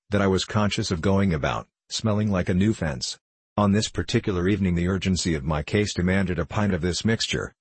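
A man reading a classic novel aloud as an audiobook narrator, in a measured, even storytelling manner. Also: deep voice, slightly rough, dry recording.

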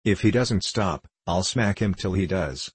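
A man voicing a hearty, mellow coal miner. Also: deep voice, a little slow, husky, no room sound. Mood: impatient. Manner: broad dialect speech. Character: hearty male coal miner, quick-tempered father.

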